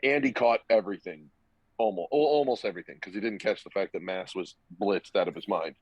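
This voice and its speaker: A man's voice: deep voice, fairly quick, no room sound. Profane young man telling a story. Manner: loose, profane, acts out quoted dialogue. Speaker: podcast guest. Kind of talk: casual storytelling. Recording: dull, lo-fi dry recording.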